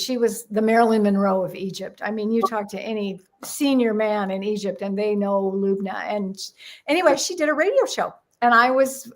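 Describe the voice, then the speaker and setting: Lively older woman telling stories. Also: fairly high pitch. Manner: animated storyteller who acts out quoted dialogue. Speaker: guest numerologist. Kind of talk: casual storytelling interview.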